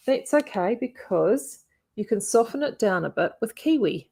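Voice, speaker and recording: A woman's voice: on the high side, expressive, moderate pace, vocal fry, darkish tone, husky. Chatty woman showing yarns. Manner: chatty and enthusiastic, talks to viewers. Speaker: yarn shop owner and video host. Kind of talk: casual live-stream chat about knitting yarns.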